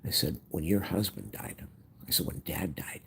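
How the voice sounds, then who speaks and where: A man's voice: deep voice, normal speed, vocal fry, a bit bright, slight background noise. A middle-aged man in an angry personal rant, heated and repeating himself as he recounts an argument.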